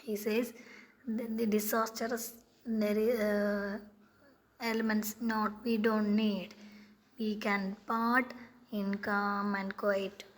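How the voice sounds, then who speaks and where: Slow-talking woman teaching a poem. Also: medium pitch, flat delivery. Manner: asks questions then answers them, halting restarts. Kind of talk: quiz-style poetry lesson. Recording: faint background noise.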